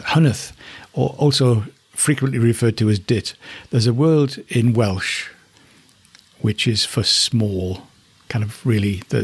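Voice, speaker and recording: Middle-aged farmer type from northeast England, low and a bit breathy, chatty and affectionate, in a dry, close sound. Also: male voice, dry recording. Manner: chatty and affectionate, thinking aloud. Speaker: alpaca keeper. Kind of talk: casual spoken commentary.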